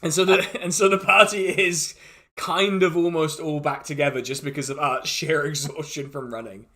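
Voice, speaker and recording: A man's voice: fairly high pitch, fairly even intonation, normal speed, bright, forceful tone. A man running a tabletop game as dungeon master, chuckling often and rambling loosely with plenty of fillers.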